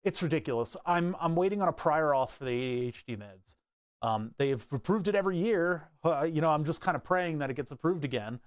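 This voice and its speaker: A man's voice: on the high side, lively intonation, a little fast, dry recording, studio quality. A young man chatting casually while tinkering at his workbench, rambling and laughing at himself. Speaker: maker streaming his workbench. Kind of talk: casual chat.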